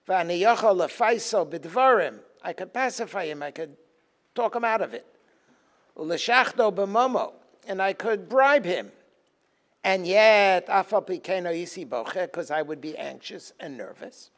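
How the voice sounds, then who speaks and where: A rabbi lecturing on a Talmud passage in a fairly high voice. He quotes the Hebrew text, then explains it in English with lively, emphatic delivery. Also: moderate pace. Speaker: rabbi teaching a Tisha B'Av program.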